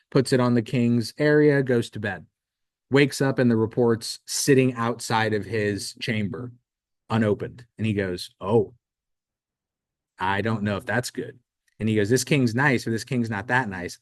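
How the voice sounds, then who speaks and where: Male workshop host, mid-pitched, dry sound, animated storyteller. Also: no room sound. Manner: energetic storyteller, acts out quotes. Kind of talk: business workshop talk. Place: event space.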